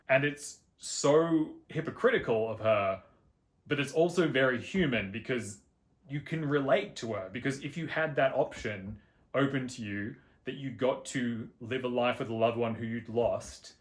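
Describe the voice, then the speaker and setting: A man's voice: mid-range voice, moderate pace. Man reviewing a game. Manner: enthusiastic and reflective, with asides. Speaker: gaming video host. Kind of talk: casual game review monologue.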